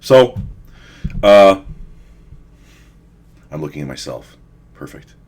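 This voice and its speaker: A man's voice: low-pitched, big pitch swings, slow pace, a little mellow. A man doing a casual video reaction, blunt and crude, rambling with fillers.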